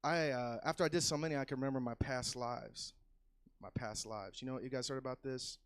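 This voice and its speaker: Male stand-up comic, casual and profane, average pitch, dry close sound, loud yelled punchlines. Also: steady tone, fairly quick, no echo. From California. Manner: loose, profane, swings into loud yelled bits. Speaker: stand-up comedian. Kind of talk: stand-up set. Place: comedy club stage.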